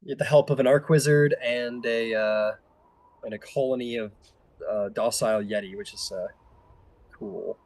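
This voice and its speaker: A man's voice: mid-range voice, moderate pace. Rambling man running a tabletop game. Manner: rambling, filler-heavy, relaxed. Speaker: game master.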